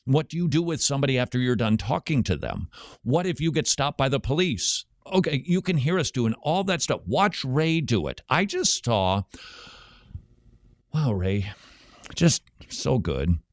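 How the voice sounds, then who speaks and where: A man hosting a radio show, answering listener questions in a lively, chatty way. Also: mid-range voice, normal speed, no echo, clean studio sound.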